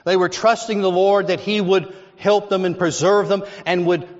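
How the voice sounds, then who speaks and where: A man's voice: sits high, steady tone, normal speed. A man from Texas, a pastor, preaching a sermon in a church, telling stories and driving points home with lists and repetition. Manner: storytelling with emphatic repetition and lists. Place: church sanctuary. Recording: dull lo-fi sound with long hall reverb.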